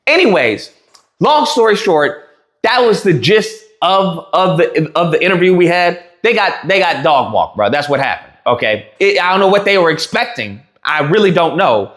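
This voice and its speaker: A man's voice: high voice, sing-song, moderate pace, fairly bright tone. A man recapping an interview in a heated, mocking rant, laughing at his own jabs and restarting his sentences often. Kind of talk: animated ranting recap to camera. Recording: roomy echo.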